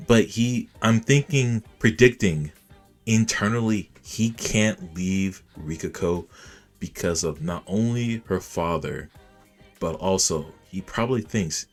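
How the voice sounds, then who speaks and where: Deep-voiced man recapping an anime episode. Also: slow, soft background music. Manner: animated, reacts while retelling scenes. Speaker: anime reviewer.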